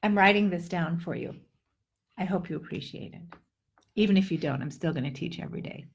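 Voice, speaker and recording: She's a Netherlands-based teacher giving a live online English pronunciation class from her home. Her voice sits on the low side, gravelly and brisk, and she exaggerates sounds to highlight differences, joking in between the drills.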